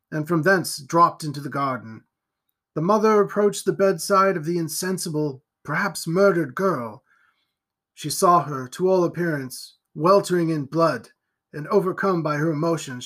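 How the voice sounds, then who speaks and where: A male narrator reads an old gothic novel with expressive, theatrical delivery. His voice is bright and ringing, pitched well above the usual for a man. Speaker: audiobook narrator. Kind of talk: dramatic audiobook narration.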